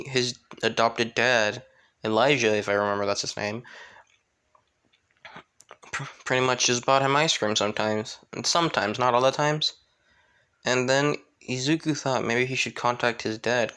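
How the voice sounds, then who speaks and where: A man's voice: mid-range voice, a bit bright, clear, resonant tone. A young man casually narrating a fan story, rambling with frequent restarts and hesitations.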